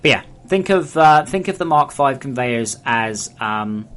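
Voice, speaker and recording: A man's voice: medium pitch, animated, measured pace, a bit bright. A man, a solo game developer chatting frankly and ramblingly with viewers on a live stream. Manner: rambling, frank, talks straight to chat.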